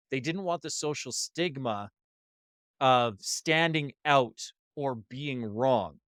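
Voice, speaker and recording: Animated storytelling man, dry close sound. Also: a little high, dry recording. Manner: animated storyteller, acts out quoted voices. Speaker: podcast guest, workshop leader. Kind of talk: casual interview storytelling. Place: hostel room.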